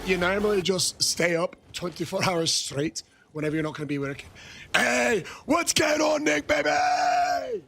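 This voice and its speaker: A man livestreaming a game, reading chat and bursting into shouted greetings between casual muttering. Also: a little high. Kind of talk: excited live-stream chat.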